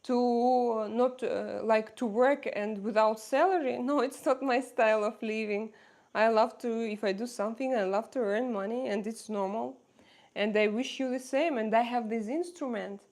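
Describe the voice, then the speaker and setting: A middle-aged woman from Russia with a Russian accent, chatting casually to viewers in a halting way with many fillers and restarts. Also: a little high, darkish tone. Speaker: channel host answering viewer questions. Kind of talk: casual livestream chat.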